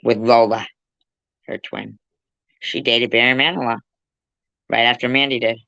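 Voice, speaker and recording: A woman's voice: rumbling low, fairly even intonation, a little slow, creaky, pushed and bright, no room sound. A woman hosting a casual livestream, teasing and joking with her viewers. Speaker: livestream host. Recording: dull lo-fi sound.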